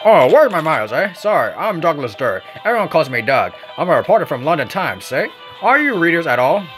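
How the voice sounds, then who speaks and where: A man's voice: a little high, very animated, fairly quick, over music. A man doing a pompous chatty reporter. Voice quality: put-on accent. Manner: wordy and pompous, stumbling over long words.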